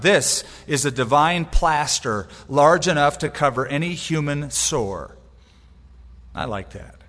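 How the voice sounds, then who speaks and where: A pastor delivering an emphatic sermon, his voice rising and falling with light humor. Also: long reverb tail. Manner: emphatic preaching with wide swings in pitch and loudness, light humor.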